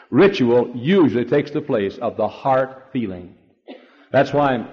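A preacher delivers a sermon in a long-ringing church hall, the old recording dull and muffled. His voice is mid-pitched, dropping to near murmurs and then surging into high, shouted peaks. He stumbles and repeats words as the fervor builds. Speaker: pastor. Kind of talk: fiery sermon. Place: church sanctuary.

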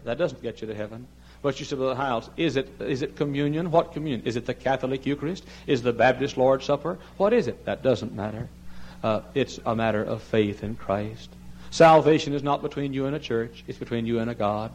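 A man preaching a sermon as pastor of his church, swinging from soft pleading to loud shouted emphasis, telling stories and mimicking the people he quotes. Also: medium pitch, brisk. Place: church sanctuary.

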